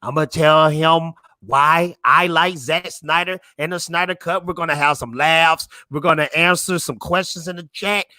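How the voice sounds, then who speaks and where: A man, a guest YouTuber in a casual film chat, animated and emphatic, repeating his points. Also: fairly high pitch, moderate pace, few pauses, no room sound, studio quality.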